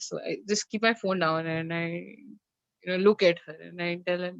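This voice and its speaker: A woman guest, a mother and coach, telling a personal story in a candid conversation over a video call, animated and acting out dialogue. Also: lowish voice, moderate pace, dry recording. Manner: animated, recounts with acted-out dialogue and laughs. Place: home. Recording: slightly dull lo-fi sound.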